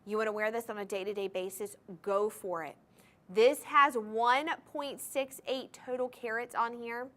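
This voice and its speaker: A woman hosting a shopping channel, giving an enthusiastic live sales pitch for jewelry and talking straight to viewers in a TV studio. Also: steady tone, normal speed, fairly bright tone. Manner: enthusiastic, chatty, addresses viewers directly. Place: TV studio with controlled lighting.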